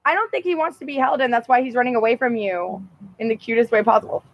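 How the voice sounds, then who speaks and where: Young woman, casual vlog storytelling, profane, animated, outdoors, dull lo-fi recording. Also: on the high side, quick pace, no echo. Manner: profane, animated, laughs often. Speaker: vlogger.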